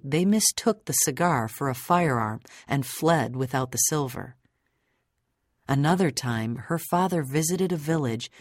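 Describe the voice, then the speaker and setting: A woman reading a story aloud as narrator in a measured, steady storytelling manner. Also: very deep voice, dry recording, studio quality. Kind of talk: audiobook narration.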